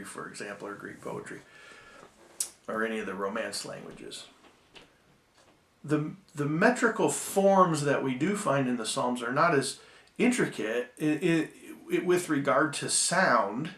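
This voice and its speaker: A man giving a recorded Bible-school lecture, measured and full of ums and restarts, slowing down to read poems aloud. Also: medium pitch, a bit bright, echoey room, a little hiss or hum.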